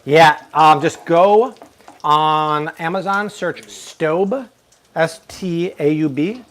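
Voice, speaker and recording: Here the cooking show host sounds on the high side and fairly bright, but he talks slowly. He's running a live demonstration in his own kitchen, enthusing and exclaiming over what he's made.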